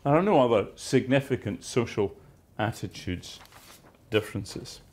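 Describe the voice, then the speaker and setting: A man's voice: medium pitch, lively intonation, measured pace, darkish tone, slight background noise. A man giving a university lecture, with dry, wry asides and emphatic stresses on key words. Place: lecture theatre.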